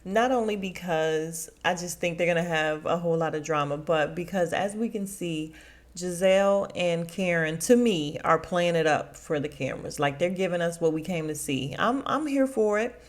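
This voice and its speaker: A woman hosting a casual podcast, telling a story and acting out quotes with sudden jumps up in pitch. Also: normal speed. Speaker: podcast host recapping a reality show. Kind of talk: casual chatty recap.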